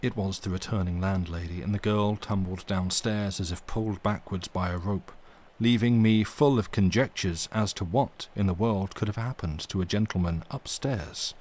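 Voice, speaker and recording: A man reading a ghost story aloud on a live stream, with expressive, dramatic emphasis. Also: sits low, moderate pace, few pauses, a little hiss or hum.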